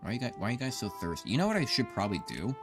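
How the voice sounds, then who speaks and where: A man's voice: fairly low pitch, huge pitch swings, rapid-fire. A man in his thirties giving casual, rambling gameplay commentary as a streamer, swearing often and talking to his chat. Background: background music.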